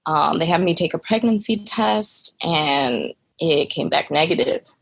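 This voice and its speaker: Low, gravelly-voiced woman telling her story. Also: measured pace. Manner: conversational, filler-heavy, earnest. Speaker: podcast guest. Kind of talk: candid personal storytelling.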